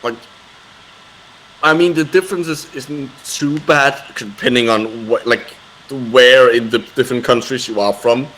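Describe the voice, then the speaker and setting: A man chats casually on a live stream in an ordinary mid-range voice. He talks haltingly and fills the gaps with fillers. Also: mid-range voice, fairly even intonation, fairly bright tone, a little hiss or hum, low-quality recording. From Denmark. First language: Danish. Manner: halting, with many fillers and restarts.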